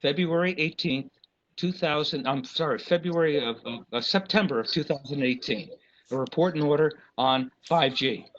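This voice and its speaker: A man's voice: on the high side, normal speed. A man speaking as an RF engineer at a public meeting, impassioned and apologetic, stopping and restarting often. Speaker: RF engineer consultant. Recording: dull lo-fi meeting recording.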